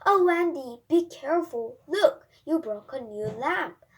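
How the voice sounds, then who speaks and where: A woman's voice: sits high, animated, a little slow. A woman voicing a caring but firm mother in a storybook read-aloud. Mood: scolding. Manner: warning, firm storybook reading.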